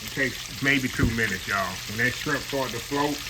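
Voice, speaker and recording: A man in a mid-range voice at a moderate pace fries shrimp in his home kitchen, hosting a relaxed cooking demo for his channel. He chats in a folksy way, says "y'all" a lot, and laughs at his own jokes. Clear sizzling oil and kitchen noise fill the background.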